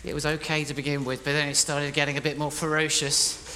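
Bright, energetic male preacher. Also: fairly high pitch, fast talker. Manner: energetic, directs the audience, playful. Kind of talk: interactive sermon storytelling. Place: church hall with a live congregation. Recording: reverberant hall, faint noise.

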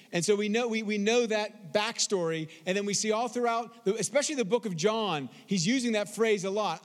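A man preaching a sermon, expressive, reading scripture slowly and with emphasis. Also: sits high, big-room sound. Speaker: pastor.

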